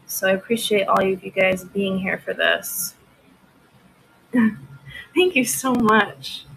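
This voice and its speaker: Bright, chatty woman selling live. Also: medium pitch, slow, gravelly, slight background noise, poor audio. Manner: chatty, laughs often, talks to viewers by name. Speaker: live auction seller. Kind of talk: casual live-stream selling chat.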